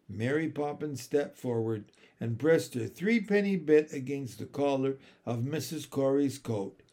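A man reading a children's storybook aloud as narrator, in an expressive, unhurried way. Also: mid-range voice. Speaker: audiobook narrator.

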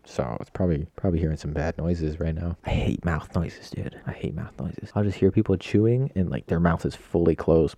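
Low gravelly young man rambling casually. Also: dark tone, dry recording. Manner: slangy, self-deprecating, tangent-prone. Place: at home at a computer.

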